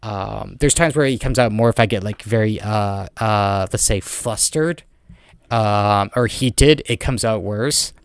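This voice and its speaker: A man's voice: on the low side, vocal fry, smooth, no echo, clean studio sound. A man with a heavy non-native accent, chatting casually as a podcast host, rambling with lots of fillers and restarts. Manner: rambling, fast talker with many fillers and restarts. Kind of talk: casual chat.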